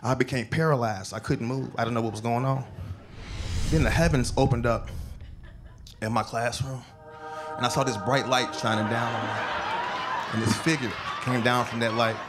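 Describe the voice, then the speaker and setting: A man doing a stand-up set on a club stage, telling stories with animated acted-out voices into a handheld mic. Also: mid-range voice, moderate pace, long pauses, over music. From Chicago. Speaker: stand-up comedian. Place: comedy club stage before a live audience. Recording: live club recording with crowd and noise. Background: audience laughter.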